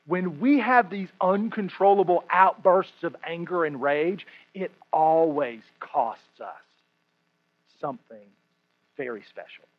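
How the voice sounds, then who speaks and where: Man preaching, high-pitched voice, lively delivery, hushed then loud, muffled lo-fi recording. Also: slow pace. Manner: animated, swings between hushed and loud. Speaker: pastor. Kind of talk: sermon. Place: room with a congregation.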